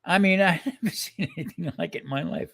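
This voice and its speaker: Animated, rambling older man co-host. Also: a little high, fast talker. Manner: rambling, restarts sentences, exclaims. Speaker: cooking show co-host. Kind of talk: casual live-stream chat.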